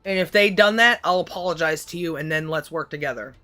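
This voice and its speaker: Bright-voiced woman musing and swearing. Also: low voice, a little fast, faint music behind. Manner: philosophizing with heavy swearing. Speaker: livestream host. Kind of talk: casual rambling chat.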